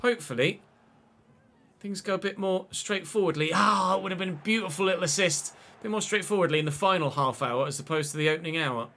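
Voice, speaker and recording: Bright-voiced man calling a game. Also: sits high, fast. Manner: chatty, excitable football commentary. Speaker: streamer. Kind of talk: live gameplay commentary.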